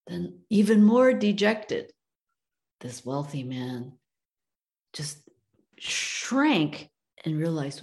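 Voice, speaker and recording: Presenting a webinar over a video call, a woman tells a parable slowly in a low, slightly mellow voice with lively intonation and frequent pauses. She keeps it conversational, regularly asking "okay?" and saying "you know" to check in with her audience.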